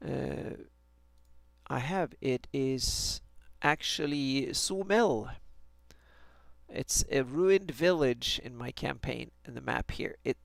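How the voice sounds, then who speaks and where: Brief: man, mid pitch with gravelly fry, dry close sound, musing hesitantly while streaming map work. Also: no echo. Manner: hesitant, many restarts and fillers. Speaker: fantasy map maker streaming his work. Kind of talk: thinking aloud on a live stream while drawing a map.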